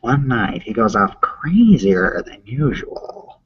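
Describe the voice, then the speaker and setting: A man impersonating a brooding male cartoon villain in a slow, low, menacing drawl, with a husky voice on dull lo-fi audio. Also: sing-song, full character voice.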